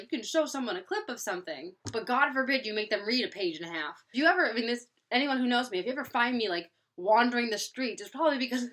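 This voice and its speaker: On a casual book vlog, a young woman rambles animatedly, acting out gasps and quoted reactions. Her voice is fairly high and a little bright.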